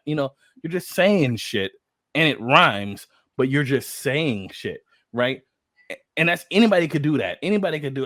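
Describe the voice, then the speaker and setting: Man, lively casual co-host, laughs easily, bit high, dry close mic. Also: a little fast, no room sound. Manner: animated, laughs a lot, excited about rap craft. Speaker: co-host reacting to a song. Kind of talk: casual reaction chat.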